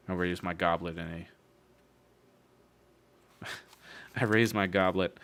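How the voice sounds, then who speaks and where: A man's voice: low voice, fairly even intonation, slow, long pauses, fairly bright tone. A man streaming a casual book reading, breaking off with wry, swearing jokes between passages. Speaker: streamer reading a novel aloud.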